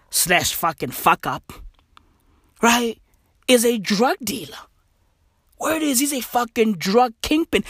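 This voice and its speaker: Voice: mid-range voice, dry recording, clean studio sound. Profane comic ranting. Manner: mocking, swears constantly, swings between loud and soft. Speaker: comedian.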